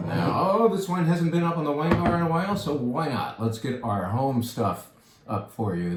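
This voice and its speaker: A man's voice: mid-range voice, darkish tone. A man, a wine shop steward, tasting and describing wines in a casual, enthusiastic way, savoring each sip with murmurs. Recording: echoey room.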